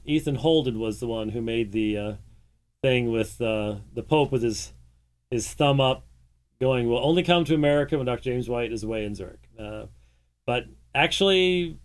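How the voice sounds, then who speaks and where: A man hosts a call-in show with a voice of ordinary, middle pitch. He explains things at length and teaches as he talks, and he fills his pauses with frequent "uh"s. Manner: explains at length with many "uh" fillers, lecturing. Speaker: host of a call-in program. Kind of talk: call-in radio talk and teaching.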